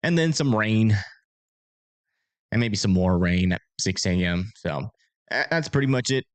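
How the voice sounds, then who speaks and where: A man's voice: lowish voice, lively intonation, measured pace, no echo. Chatty man rambling over storm maps. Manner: rambling, filler-heavy, chatty. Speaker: livestream storm forecaster. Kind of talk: casual livestream commentary.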